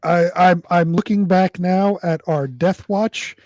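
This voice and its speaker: A man with a somewhat high voice co-hosts a casual live-stream chat. He talks hesitantly with many fillers and restarts, recorded dry and close. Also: fairly even intonation, takes it slowly, darkish tone, no room sound. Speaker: co-host.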